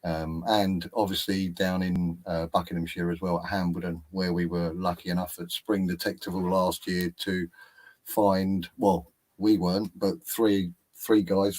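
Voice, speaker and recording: Deep-voiced British man, friendly guest. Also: a little mellow, poor audio. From England. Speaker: guest, event organizer. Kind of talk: interview answers.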